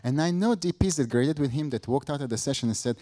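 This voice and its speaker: A man hosting a meetup interview, talking in a relaxed, conversational way. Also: medium pitch, fast talker. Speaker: meetup host. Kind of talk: casual interview chat.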